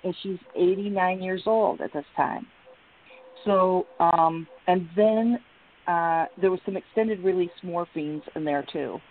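A woman's voice: on the low side, unhurried. A middle-aged woman telling a long personal story, rambling with many fillers and restarts. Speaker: guest. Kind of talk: emotional personal account. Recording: tinny phone line with faint hiss.

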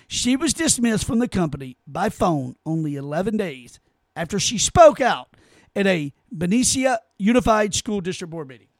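Indignant high-voiced male podcast host. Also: no room sound. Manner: indignant, emphatic, repeats phrases. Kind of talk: opinionated solo podcast rant.

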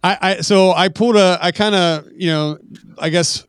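A man's voice: high voice, moderate pace, smooth, no room sound. A retired Marine man in his forties telling rambling, profane war stories in a casual podcast interview.

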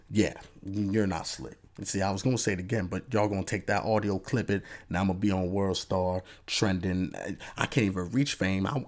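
A man hosting a podcast, talking through his take in a casual, animated monologue with lots of "you know" asides. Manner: animated, acts out fans' voices in a raised pitch. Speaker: podcast host.

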